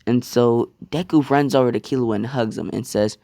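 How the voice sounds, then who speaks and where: A man's voice: medium pitch, moderate pace, vocal fry, warm tone, no room sound. A young man casually telling a fan-fiction story, rambling and swearing.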